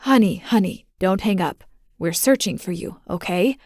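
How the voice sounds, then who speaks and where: A woman voicing a frantic billionaire father who pleads gently and urgently with his missing daughter, in an audiobook. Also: mid-range voice, moderate pace, no echo, studio quality, close to an everyday voice. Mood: anxious, pleading. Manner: urgent, pleading, soft-spoken to a child. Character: frantic billionaire father, male, middle-aged. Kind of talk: audiobook dialogue.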